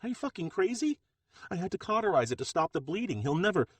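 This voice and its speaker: Fierce, bitter woman cook, voice pushed high and loud, read by a man. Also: big pitch swings, fast, breathy edge, dry recording. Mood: furious. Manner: bitter, shouting in anger.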